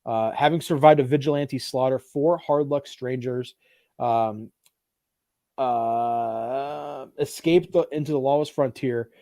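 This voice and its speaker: A man co-hosting a casual film chat show, animated and swearing freely. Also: mid-range voice, slow, no echo, clean studio sound. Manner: animated, swears freely, does mocking put-on voices. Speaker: podcast co-host. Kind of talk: casual chat about films.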